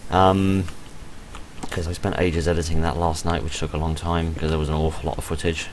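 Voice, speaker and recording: A man with an extremely low, deep voice talks over his gameplay in loose, rambling commentary. He is tired and half asleep, drifting into self-mocking asides, and a faint hum of room noise sits behind him. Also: little pitch movement, a little fast. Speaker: gaming video host.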